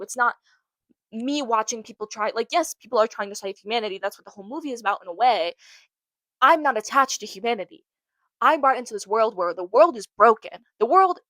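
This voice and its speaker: A woman's voice: a little high, a bit bright, dry recording, low-quality recording. A young woman hosting her own podcast, talking alone in a casual, emotional and rambling way, often repeating phrases for emphasis. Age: young adult. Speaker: podcast host. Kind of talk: casual solo podcast monologue.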